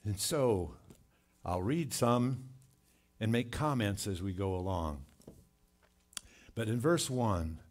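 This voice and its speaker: A man preaching a sermon in a church, reading scripture and commenting with slow, earnest emphasis. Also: on the low side, lively intonation, darkish tone. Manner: slow, earnest delivery with scripture read aloud and dramatic quoted cries. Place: church sanctuary.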